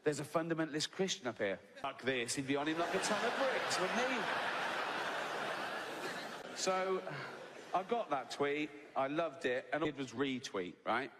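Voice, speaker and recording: A man's voice: fairly high pitch, animated, unhurried, pauses often. A man performing stand-up comedy on a theatre stage, talking conversationally and asking "right?" at the end of his lines. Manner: conversational, asks "right?" constantly. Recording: live theatre reverb, audience noise.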